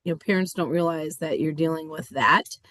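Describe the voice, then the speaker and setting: A woman guest chats casually and quickly, relaying what parents tell her. Her voice is mid-pitched. The sound is dry, with no room echo. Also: fairly bright tone. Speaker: guest asking a question. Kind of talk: casual conversation.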